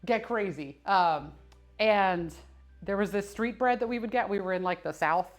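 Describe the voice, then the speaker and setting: On a live fitness stream from a gym, an American woman in her thirties chats candidly, laughing often and swearing freely. Her voice is medium-pitched at a normal speed, with faint music in the background, picked up by the streaming camera's mic.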